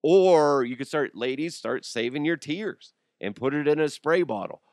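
A man's voice: medium pitch, lively intonation, normal speed, dry recording, clean studio sound. A middle-aged man hosting a radio show in a casual comedic chat, rambling and joking with frequent laughs.

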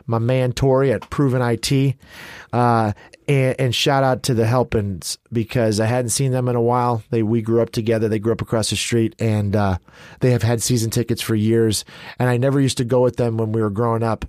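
A man's voice: medium pitch, level tone, fairly quick, a little mellow, dry recording, studio quality. Rambling midwestern guy telling stories. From American Midwest. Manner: rambling, storytelling with many restarts and asides. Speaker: podcast co-host. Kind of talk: casual chat. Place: lives in Los Angeles.

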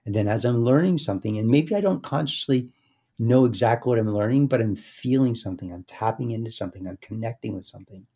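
A man speaking as an interview guest in a slow, meditative way, often trailing into soft, quiet chanting. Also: medium pitch, expressive. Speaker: guest, speaker and success coach. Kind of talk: casual interview talk.

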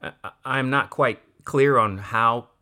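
A sports show host telling an excited story in a casual talk, acting out the dialogue. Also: male voice, medium pitch, unhurried. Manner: excitable, acts out quoted dialogue.

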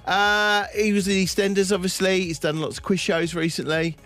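A man's voice: sits high, level tone, moderate pace, fairly bright tone. A man co-hosting a breakfast radio show in a studio, jokey and teasing with bursts of laughter. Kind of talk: playful radio banter. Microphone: studio microphone.

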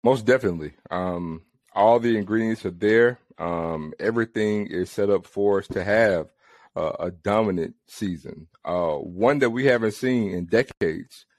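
A man with a low voice talks confidently on a casual sports podcast, filling his pauses with "um". The sound is dry and close. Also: no echo. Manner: confident, with frequent "um" fillers.

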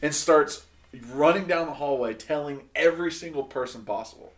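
A man's voice: on the high side, normal speed, a bit bright. A young man, a guest and former player, telling a story casually and padding it with fillers.

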